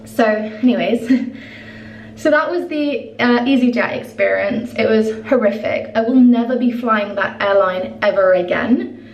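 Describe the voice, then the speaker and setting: A chatty young woman vlogging about her week, her voice a touch high and lively in the retelling. She sits a little way back from the mic in a roomy, echoing space. A faint hum of noise runs underneath. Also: unhurried, recorded from a distance, lo-fi sound. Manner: chatty, animated retelling full of "like". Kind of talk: casual storytime vlog. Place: at home.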